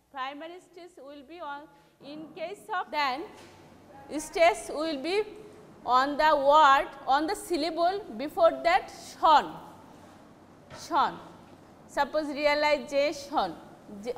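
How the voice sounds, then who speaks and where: A woman teaching a recorded lesson in a high, slow, careful voice, often restarting or correcting herself mid-sentence. The recording has a long echo, like a large hall, with faint background noise. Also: a bit bright. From Bangladesh.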